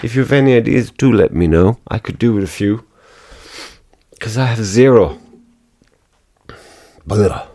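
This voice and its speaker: Male podcast host, very low voice, loose rambling chat, swears freely and laughs at his own jokes. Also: lively intonation, unhurried, pauses often, dark tone. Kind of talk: casual solo chat.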